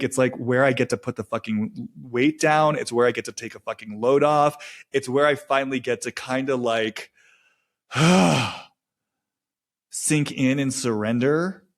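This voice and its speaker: A man hosting his own podcast, talking alone in a reflective, halting way and repeating phrases as he searches for words. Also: mid-range voice. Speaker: podcast host. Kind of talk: reflective solo monologue.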